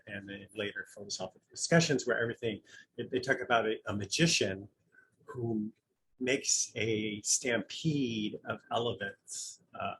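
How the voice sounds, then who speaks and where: A man's voice: fairly low pitch, a bit bright, slight background noise, rough recording. A man, a Zen Buddhist priest, giving an informal dharma talk, musing and conversational as he thinks aloud with a light touch of humor.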